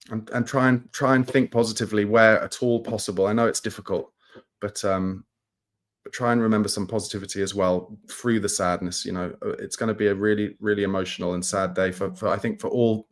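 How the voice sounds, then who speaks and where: Low-voiced man hosting a somber livestream. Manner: somber, halting, with many restarts. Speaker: football channel host. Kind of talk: live-stream chat reading viewer comments.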